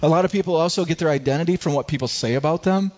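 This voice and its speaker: A male pastor preaching a sermon, animated and telling a personal story with frequent stammered restarts. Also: fairly high pitch, rapid-fire, highs cut off.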